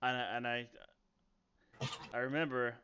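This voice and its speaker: A man playing a tabletop game, joking and talking haltingly in character. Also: medium pitch, little pitch movement, sharp tone. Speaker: player. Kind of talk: casual tabletop role-play. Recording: dull mic with clear noise.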